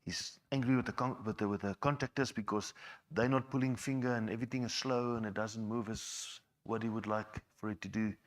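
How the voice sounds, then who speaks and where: A man's voice: fairly low pitch, fairly even intonation, brisk. Man telling a testimony. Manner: conversational storyteller, repeats words as he goes. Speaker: church member giving a testimony. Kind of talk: personal testimony told to a congregation.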